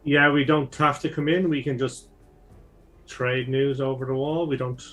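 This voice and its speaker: A man's voice: mid-range voice, fairly even intonation, moderate pace, a bit bright, faint music behind. A man playing a tabletop game in character, hesitant with many ums. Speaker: player.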